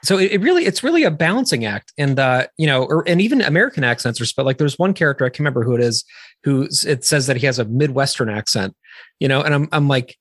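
A man's voice: mid-range voice, big pitch swings, fast, fairly bright tone, no echo, studio quality. A man hosting a casual podcast interview, talking in long rambling turns with many restarts. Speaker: podcast host.

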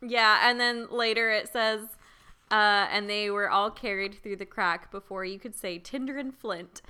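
Woman, podcast co-host, very bright smooth voice, easygoing, laughs a lot. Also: mid-range voice, steady tone, a little slow. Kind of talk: casual book discussion chat.

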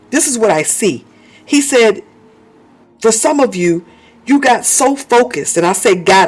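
A man preaching a sermon in a fervent way, often stopping to praise, speak in tongues and laugh. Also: high-pitched.

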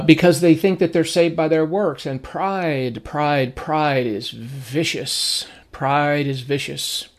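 A man's voice: medium pitch, darkish tone. A middle-aged man teaching an informal Bible lesson, telling stories in a conversational way and acting out the people he quotes.

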